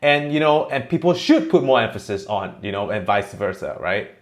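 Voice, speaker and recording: A man hosting a podcast, asking interview questions in a relaxed, loosely phrased way. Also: on the low side, moderate pace. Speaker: podcast host.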